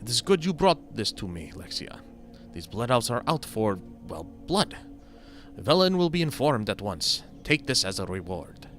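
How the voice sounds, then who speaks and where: A man's voice: mid-range voice, big pitch swings, normal speed, a bit bright, soft background music. A man reading as a solemn fantasy quest-giver. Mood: earnest. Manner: earnest, wondering reading. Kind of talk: reading game dialogue aloud in character.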